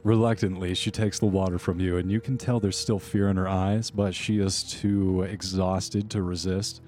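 A man's voice: sits low, level tone, moderate pace, a little mellow, soft background music. A man narrating a tabletop game as game master, describing scenes steadily.

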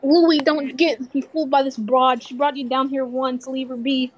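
A woman's voice: high-pitched, steady tone, moderate pace. A woman playing a tabletop game, pushy and persuasive, on a dull lo-fi mic. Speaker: player.

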